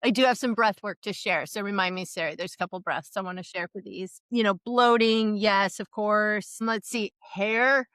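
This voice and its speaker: A woman's voice: medium pitch, steady tone, normal speed, few pauses, fairly bright tone, no room sound. A middle-aged woman co-hosting a podcast, talking frankly and with a lot of swearing in casual chat. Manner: frank, profane, self-deprecating. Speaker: podcast co-host.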